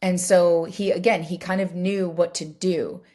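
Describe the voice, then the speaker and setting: A woman's voice: lowish voice, steady tone, unhurried, warm tone. A woman hosting a solo podcast, telling a personal story in a candid, reflective way, full of fillers and restarts. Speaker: podcast host.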